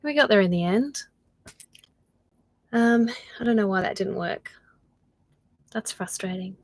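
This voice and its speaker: A tired woman with an Australian accent, chatting casually with viewers on a livestream, laughing often and trailing off into soft asides. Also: mid-range voice, lively intonation, unhurried, no room sound, poor audio. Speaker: channel host doing a livestream. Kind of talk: casual live chat with viewers.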